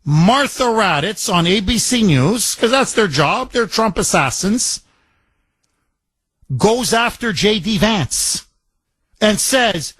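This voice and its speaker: A man's voice: high-pitched, expressive, slow pace, fairly bright tone, husky, dry recording. A man hosting a talk radio show, delivering an emphatic, combative opinion monologue and repeating words for force. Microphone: studio microphone.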